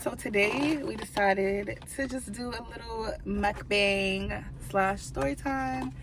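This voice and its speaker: A woman's voice: a little high, slow pace, background noise. A woman in her twenties from Maryland, hosting a casual storytime vlog from a parked car, rambling with lots of fillers. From Maryland, USA. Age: 20s. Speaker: vlogger host.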